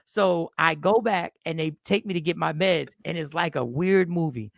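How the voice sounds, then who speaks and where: A man hosting a casual talk show, telling a personal story in an animated way, repeating himself. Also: on the high side, normal speed, vocal fry, no echo, clean studio sound. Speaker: host.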